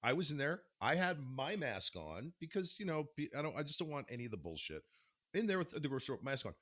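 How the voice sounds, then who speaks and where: A man's voice: medium pitch, big pitch swings, fast talker, fairly bright tone. A man co-hosting a podcast, chatting casually and agreeably with some swearing. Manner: laid-back, agreeable, swearing storyteller. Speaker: podcast co-host. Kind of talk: casual chat.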